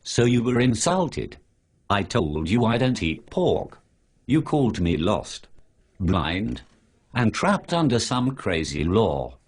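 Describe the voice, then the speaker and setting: A sarcastic, preachy male superhero from an animated short, spoken by a computer voice. He is very deep and rough-edged and lectures in long lists. His pitch jumps around a lot. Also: takes it slowly, exaggerated voice. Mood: arguing. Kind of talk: synthetic animated dialogue.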